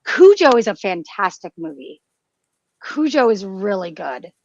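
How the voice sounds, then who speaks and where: A woman's voice: medium pitch, sing-song, measured pace, a little mellow, dull audio. A woman co-hosting a casual podcast chat, gushing and emotional, with frequent restarts and fillers. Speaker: podcast co-host.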